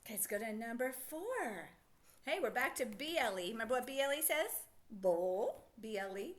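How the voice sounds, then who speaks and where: A woman teaching a phonics lesson to children, sounding out words slowly and asking lots of encouraging questions. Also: fairly high pitch, big pitch swings, a bit bright. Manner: encouraging, asks many questions.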